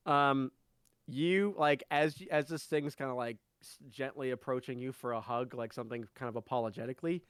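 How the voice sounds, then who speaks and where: A man runs a tabletop game, narrating in a loose, chatty way full of fillers and quick laughs. His voice sits at an ordinary middle pitch. It sounds dry and close, with no room around it. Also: clear, resonant tone, no echo. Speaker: game master.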